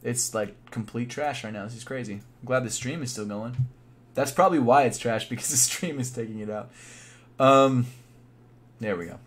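A young man chatting casually on a live stream, thinking out loud in a laid-back way with plenty of fillers. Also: mid-range voice, normal speed. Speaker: sneaker YouTuber live streaming.

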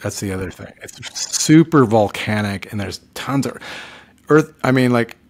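A man's voice: mid-range voice, expressive, unhurried. A middle-aged man, sleepy and fading late at night, rambling and trailing off in casual chat as a podcast co-host. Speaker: podcast co-host, touring musician.

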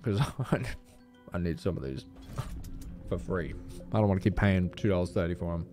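A man chatting to his viewers during a live game stream, animated and swearing freely. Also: low-pitched, moderate pace, soft background music. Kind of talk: live gameplay stream chat.

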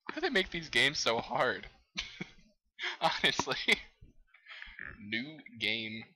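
Young male gamer, bright tense voice, excitable casual commentary. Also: mid-range voice, unhurried, low-quality recording. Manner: excitable, exclaims and laughs at the game. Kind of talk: let's play commentary.

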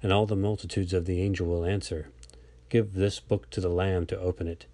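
A man reading an old religious text aloud in a slow, measured, solemn way, now and then stumbling over a word. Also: sits low, flat delivery, dark tone, no room sound. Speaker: reader.

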